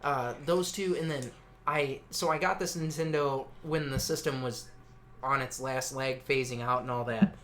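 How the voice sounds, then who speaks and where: Bright-voiced man rambling casually. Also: mid-range voice, steady tone, moderate pace, a little hiss or hum. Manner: rambling, swears often, many fillers. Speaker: co-host. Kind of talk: casual podcast chat.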